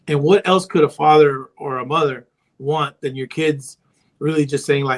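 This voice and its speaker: Brief: male therapist guest, slightly high voice, loose chatty storyteller, fillers everywhere. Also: moderate pace. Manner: rambling storyteller, heavy on filler phrases. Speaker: therapist and parent coach. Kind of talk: casual podcast conversation.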